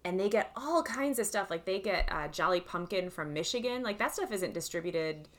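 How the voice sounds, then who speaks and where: A young woman co-hosting a casual chat, telling animated stories and laughing often. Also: mid-range voice, moderate pace. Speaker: podcast co-host.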